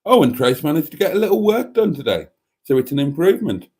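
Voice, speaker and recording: A man's voice: a little high, very animated, quick pace, dark tone, husky. A man hosting a casual live stream, reading chat messages aloud and chatting in a self-deprecating way. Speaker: livestream host reading chat.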